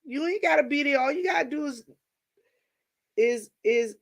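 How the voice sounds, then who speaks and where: A woman's voice: high-pitched, moderate pace. A woman from Washington, D.C. hosting a livestream, chatting casually with viewers and telling stories, calling them y'all. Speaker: livestream host.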